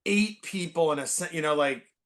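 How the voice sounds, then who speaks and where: A man in his forties, a podcast guest, telling stories in casual conversation, animated and full of fillers and restarts. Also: a little high, moderate pace, a loud crowd. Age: 40s.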